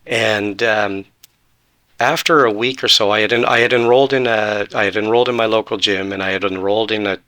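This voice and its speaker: A man's voice: lowish voice, steady tone, a little fast, sharp tone, clean tone. A man in his forties, a podcast guest earnestly telling his own story and acting out the conversations he had. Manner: earnest, retells talks with quoted dialogue. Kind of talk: personal storytelling.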